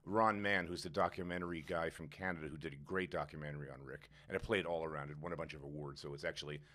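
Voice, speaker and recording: A man in his sixties, a chef guest in a casual podcast interview, telling animated stories. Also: fast. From United States. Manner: animated storyteller, jumps up in pitch when indignant.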